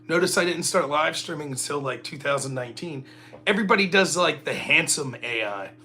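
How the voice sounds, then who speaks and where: A man's voice: a little high, bright, forceful tone. A middle-aged man hosting a casual solo livestream, rambling and joking at his own expense. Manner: joking, rambling, self-mocking. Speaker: livestream host.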